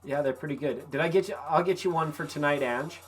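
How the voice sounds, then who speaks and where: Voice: mid-range voice, fast, faint music behind. Laid-back tarot host chatting live. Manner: relaxed, folksy and encouraging, with casual swearing. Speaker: tarot reader hosting a live stream. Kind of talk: casual live-stream chat with viewers. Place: vacation rental.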